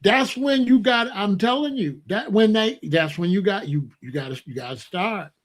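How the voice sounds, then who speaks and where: High-voiced man telling stories animatedly. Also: normal speed. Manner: animated, folksy storytelling with loud exclamations. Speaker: online show host. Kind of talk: casual storytelling monologue.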